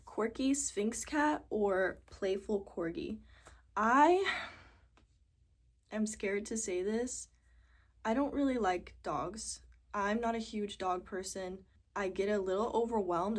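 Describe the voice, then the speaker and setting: Chatty young woman vlogger answering questions. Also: mid-range voice. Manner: chatty, giggly and expressive, trailing off with likes and ums. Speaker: YouTuber answering viewer questions. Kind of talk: casual Q&A vlog.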